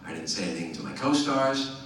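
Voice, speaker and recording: A middle-aged man, an actor, telling anecdotes on a convention panel, lively and chatty, with quick voiced impressions of the people in his story. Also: low-pitched. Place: large convention hall. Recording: echoey convention hall, distant mic.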